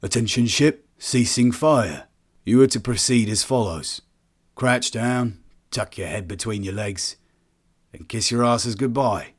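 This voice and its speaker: A curt man with an English accent, clipped and dry, as a storyteller puts him on. He sounds a little distant and pitched up from the narrator's usual voice. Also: a little slow, lightly acted. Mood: deadpan.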